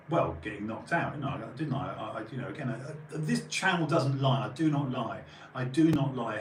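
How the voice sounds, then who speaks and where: A man's voice: medium pitch, far from the mic. Rambling man, echoey room. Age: 40s. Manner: emphatic and rambling. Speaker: channel host. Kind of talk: casual opinion monologue. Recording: roomy echo, voice off-mic, faint background hum.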